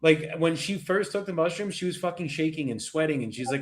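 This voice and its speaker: A man's voice: a little high, a little fast, few pauses. A man hosting a casual motivational talk, blunt and heavily profane.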